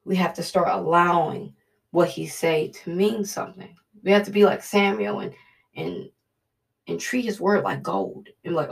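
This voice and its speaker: A woman's voice: on the low side, lively intonation, moderate pace, creaky. A woman giving an earnest, conversational devotional talk, often repeating her points. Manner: earnest, repetitive, conversational preaching. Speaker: preacher. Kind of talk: devotional teaching.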